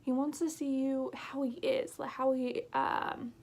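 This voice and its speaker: A woman's voice: sits high, level tone, a little slow, creaky, darkish tone. A woman, rambling emotionally through a casual book review with many fillers and half-whispered asides.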